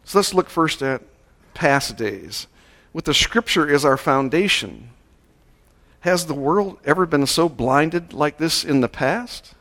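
Man preaching a slow, measured sermon. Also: on the high side, lively intonation, fairly bright tone. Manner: measured, slowing down to stress key words. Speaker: pastor. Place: church service.

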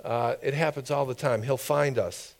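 A man's voice: mid-range voice, fairly even intonation, normal speed, creaky. A man preaching a sermon in an informal, conversational way, with asides and questions to the congregation.

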